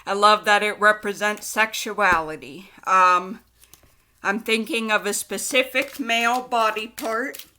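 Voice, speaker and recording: A woman's voice: mid-range voice, measured pace, pushed and bright. A young woman giving a casual tarot card reading, chatty and giggly, with lots of likes and ums. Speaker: tarot reader.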